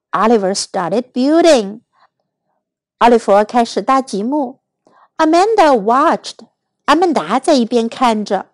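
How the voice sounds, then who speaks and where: Female storyteller, high bright voice, dry close recording, children's book reading. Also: no echo. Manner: slow, clear, expressive reading. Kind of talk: bilingual storybook read-aloud for children.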